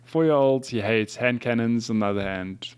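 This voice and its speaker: A young man co-hosting a casual gaming podcast, playful and quick to laugh, often acting out what people think. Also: mid-range voice, darkish tone, smooth. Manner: playful, laughs often, acts out quoted thoughts. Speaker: podcast co-host. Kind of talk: casual chat.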